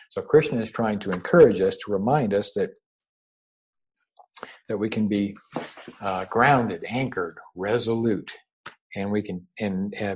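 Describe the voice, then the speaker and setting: A man giving a spiritual teaching over a video call, unhurried and gently reassuring, often repeating his words. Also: on the low side, slightly rough, rough recording. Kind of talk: meditative spiritual talk. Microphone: own microphone over a video call.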